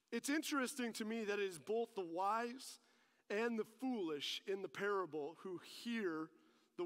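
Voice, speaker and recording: Mixing lessons with personal anecdotes, this male pastor speaks animatedly at a church service, his emphasis rising as he presses each point. His voice sits high with a slightly bright quality, and the recording has the long reverb of a large hall.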